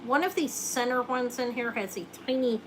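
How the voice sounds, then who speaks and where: A woman's voice: on the high side, normal speed, low-quality recording. Woman host of a live jewelry sale; casual, chatty, joking, slight background noise. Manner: chatty, joking, thinks aloud while showing rings.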